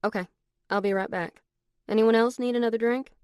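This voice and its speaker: A woman's voice: fairly high pitch, fairly even intonation, a little fast, a little mellow, smooth, no echo, studio quality, voice pushed up, natural voice. A woman reading an audiobook, voicing a guarded young woman who talks in a cool, matter-of-fact way. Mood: casual.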